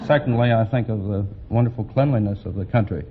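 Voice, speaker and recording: A man's voice: lowish voice, quick pace, background noise. Polite guy from denver on a quiz show, kinda bashful, thin tinny old audio. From Denver, Colorado. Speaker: quiz contestant. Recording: thin phone-like old broadcast.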